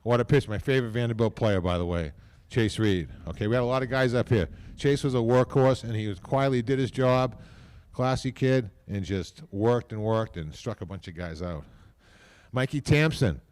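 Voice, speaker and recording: A man's voice: medium pitch, normal speed, darkish tone, smooth. An older man giving a rambling, folksy ceremony speech, often tagging lines with "okay?". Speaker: team owner speaking at a hall of fame ceremony. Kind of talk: casual off-the-cuff speech.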